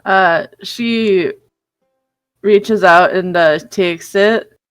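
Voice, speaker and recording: A woman's voice: medium pitch, drawn-out words, dry recording, soft background music, rough recording. A woman player narrating her character's actions in a tabletop game, rambling with many fillers.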